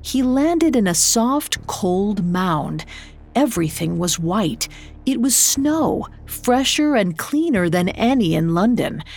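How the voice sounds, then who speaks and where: A woman narrating a scripted story in a measured, unhurried manner. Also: mid-range voice, sing-song, a little mellow.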